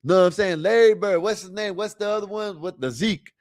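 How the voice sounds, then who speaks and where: Man, stream host, rambling casual commentary, slightly high voice, dry close mic. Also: brisk, no room sound. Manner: rambling, talks straight to viewers. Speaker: livestream host.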